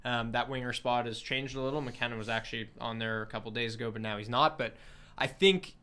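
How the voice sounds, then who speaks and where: Bright, clear-voiced upbeat man. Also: medium pitch, steady tone, a little fast. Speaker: podcast co-host. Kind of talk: casual hockey podcast chat.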